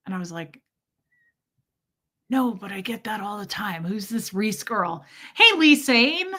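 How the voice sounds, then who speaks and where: A woman hosts a casual livestream, telling a rambling story. Her voice is bright and forward. She keeps breaking off to welcome viewers by name. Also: on the high side. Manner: chatty, greets viewers mid-story, quotes people in little voices.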